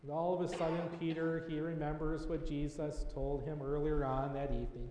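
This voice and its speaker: A man preaches a sermon in an earnest, storytelling way, letting his voice sink quietly at dramatic pauses. His voice sits a little high for a man. The recording has the roomy echo and long reverb of a church sanctuary. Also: level tone. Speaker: pastor.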